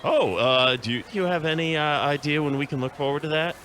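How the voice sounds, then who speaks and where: A man's voice: a little high, fairly quick, fairly bright tone, a little hiss or hum. A man playing a field reporter on an improv comedy radio show, asking questions in a mock-earnest tone.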